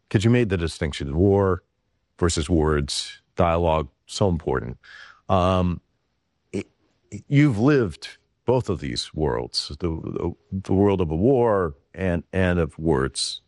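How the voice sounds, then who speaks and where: A very deep-voiced man interviews a guest with quick, measured questions and the odd filler. The recording is dry and close. He sounds like a studio interviewer. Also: lively intonation, darkish tone, no room sound.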